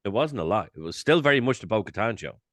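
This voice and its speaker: A man co-hosting a casual podcast chat, animated, swearing and acting out his own reactions. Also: fairly low pitch, quick pace, dry recording. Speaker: podcast co-host.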